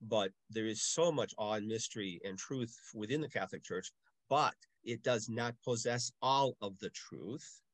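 An older man, a parish music director from Milwaukee, telling stories in a casual interview with lively, acted-out asides. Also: on the low side, moderate pace, no room sound. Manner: animated storyteller, acts out voices in anecdotes.

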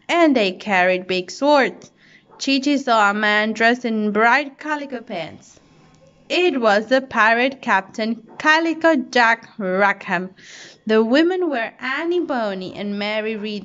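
A woman teacher reads a storybook aloud for children, slow and highly animated. Her voice sits high and swings widely. The recording is dull and lo-fi. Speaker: primary school teacher. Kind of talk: read-aloud story time. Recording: dull lo-fi audio.

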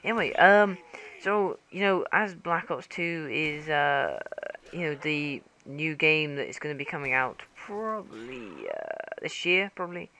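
A man's voice: on the high side, very animated, measured pace, sharp tone, slight background noise. A man gives casual, rambling game commentary into a gaming headset, full of fillers and restarts, with a cough.

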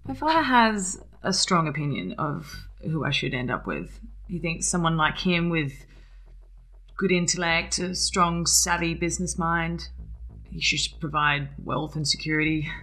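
An actress playing a crime boss's gentle, soft-spoken daughter. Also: female voice, sits low, animated, measured pace, soft background music, exaggerated voice. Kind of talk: film acting.

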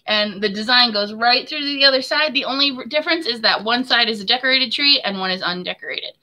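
A woman's voice: fairly high pitch, quick pace, few pauses, bright, forceful tone. A woman hosting a live giveaway stream of her handmade soaps. She talks in a chatty, friendly way, calls viewers hon and my friend, and laughs often. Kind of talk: casual live stream chat.

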